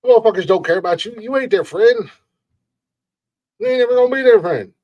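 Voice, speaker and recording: A man's voice: high-pitched, expressive, fairly quick, lo-fi sound. A man hosting a podcast, ranting in a rambling, profane way and laughing at his own jokes. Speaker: podcast host.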